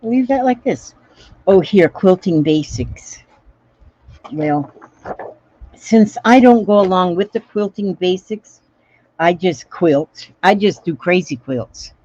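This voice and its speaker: A woman's voice: on the low side, expressive, slow, long pauses, warm tone, no echo, highs cut off. A woman chatting casually through a crafting livestream, repeating little phrases to herself as she works. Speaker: craft vlogger reading live comments.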